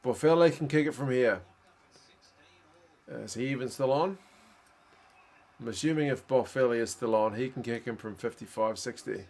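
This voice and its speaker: A man's voice: medium pitch, normal speed, long pauses, a little mellow. A man hosting a casual live watch-along, chatting and reacting aloud to a rugby match. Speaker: host.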